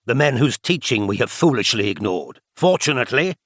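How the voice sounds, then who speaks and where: A man's voice: mid-range voice, sing-song, fairly quick, a bit bright, dry recording, clean studio sound. A man reading the part of a severe older male spy chief who lectures emphatically. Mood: lecturing.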